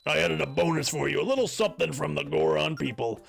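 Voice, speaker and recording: Guy putting on a gravelly old rock chief voice, proud, grand, a bit higher than usual. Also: quick pace, faint music behind. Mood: solemn. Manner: grand, solemn speech. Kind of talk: reading game dialogue aloud.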